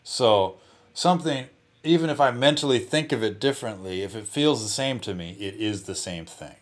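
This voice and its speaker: A man, a guitarist, explaining his practice approach in a relaxed interview, with loose phrasing, restarts and frequent "you know"s. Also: fairly low pitch, normal speed.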